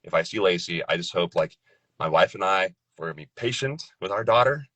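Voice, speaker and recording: A man's voice: deep voice, lively intonation, a little fast, sharp tone, dry recording. A man in his thirties, a voice actor guest in a casual chat, loose and joking and swearing casually.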